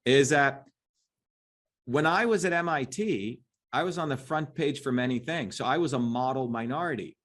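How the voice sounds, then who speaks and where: A man's voice: mid-range voice, moderate pace. A middle-aged man as an interview guest, talking emphatically and combatively, often tagging on "right?". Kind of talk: impassioned interview talk.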